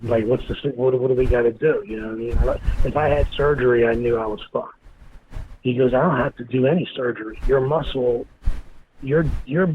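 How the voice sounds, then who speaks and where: A man, a guest in an interview, telling a story bluntly and with lots of swearing. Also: mid-range voice. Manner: blunt, profane, animated storyteller. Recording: tinny phone-like line with faint noise.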